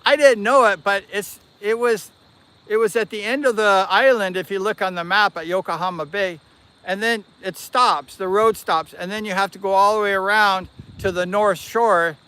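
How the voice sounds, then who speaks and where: A man hosting a livestream, casually telling a long personal story in an animated, rambling way and correcting himself as he goes. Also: high voice, normal speed, clean tone. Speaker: livestream host.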